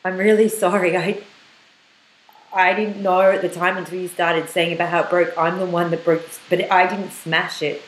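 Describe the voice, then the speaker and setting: A woman playing a young woman, flat-toned and stammering. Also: on the low side, moderate pace, roomy sound, close to an everyday voice, rough recording. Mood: apologetic. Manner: apologetic then insistent, stammering. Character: young woman admitting a one-night stand, defensive. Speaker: date confessing. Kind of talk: conversational web-series acting.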